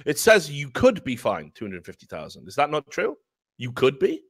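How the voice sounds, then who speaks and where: A man's voice: a little high, huge pitch swings, brisk, a bit bright. A man co-hosting a podcast, arguing emphatically in a heated casual debate and swearing freely. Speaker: co-host.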